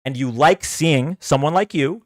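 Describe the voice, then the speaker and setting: On the high side and a little slow, the man's voice carries no echo. He hosts a livestream political debate, ranting in a sarcastic, combative manner and taunting his audience to come on and argue.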